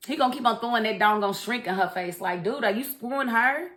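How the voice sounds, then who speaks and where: A woman's voice: medium pitch, fast, hardly any pauses, fairly bright tone. Sassy, chatty woman reviewing a show. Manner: sassy, chatty, laughs often, talks to viewers. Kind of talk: casual review commentary.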